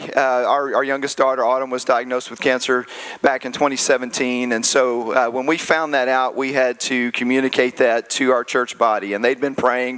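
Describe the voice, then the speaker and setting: A slightly hoarse male pastor giving an earnest, conversational closing speech at an event. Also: mid-range voice, fairly bright tone, no room sound.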